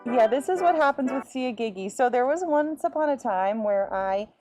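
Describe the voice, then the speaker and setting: A woman's voice: sits high, animated, moderate pace, a little mellow, soft background music. A woman gaming streamer chatting casually on a close mic, giggly and rambling. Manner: giggly, rambling, self-mocking. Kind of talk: casual live stream chat. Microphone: close to the mouth.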